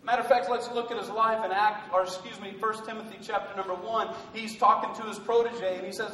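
A man's voice: high voice, fairly even intonation, brisk, few pauses, bright, forceful tone. A male pastor preaching a rousing sermon, asking the congregation rhetorical questions. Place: large church hall. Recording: echoey hall from far off.

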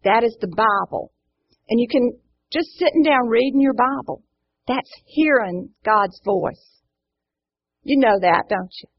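A woman's voice: fairly high pitch, lively intonation, unhurried, slightly rough. A woman gives a Bible study talk to a live group, earnest and encouraging, often asking them questions. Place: indoor room with a live group. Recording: dull lo-fi recording.

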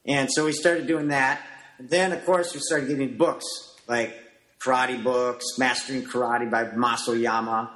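A middle-aged man, a martial arts coach, talking as a guest in a relaxed storytelling way, loose and rambling, often acting out what he said back then. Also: mid-range voice, a little slow. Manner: animated storyteller who acts out his younger self in quotes; loose, rambling with many "you know" fillers. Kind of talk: casual storytelling interview.

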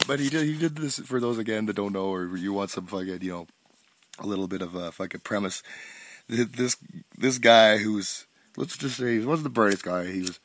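Low-voiced man rambling and swearing. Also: normal speed. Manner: profane, rambling, laughing, many restarts. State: stoned. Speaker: podcast host. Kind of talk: rambling solo podcast monologue.

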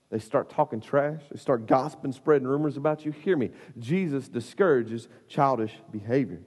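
A man delivers a youth sermon, his voice a little raised and husky. He tells comic stories in an animated, rambling way with many fillers. His voice rings with the long reverb of a large hall. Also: a little high. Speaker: youth pastor. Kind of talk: storytelling sermon.

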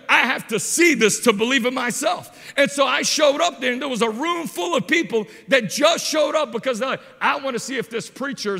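A man preaching a sermon as an evangelist, telling stories with animated delivery and shouting at the high points. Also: creaky, big-room sound. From Portuguese parents.

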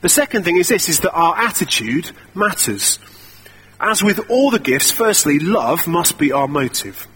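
Husky preacher, conversational. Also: male voice, a little high, sing-song, measured pace, fairly bright tone. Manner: conversational storytelling, self-deprecating. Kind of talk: sermon.

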